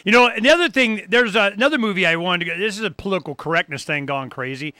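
A man's voice: sits high, animated, fast, bright, forceful tone, dry recording, clean studio sound. A man co-hosting a radio show, chatting in an offhand way. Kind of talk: casual chat on radio.

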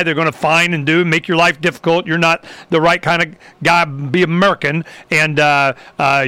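Excitable high-voiced male podcast host. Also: no echo. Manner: animated, riffing and exclaiming. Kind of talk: casual chat.

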